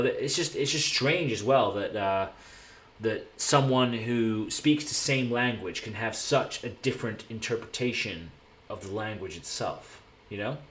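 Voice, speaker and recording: A man's voice: fairly low pitch, a bit bright. An English man chatting casually on a live stream from a hotel room, rambling and laid-back, with the odd swear word.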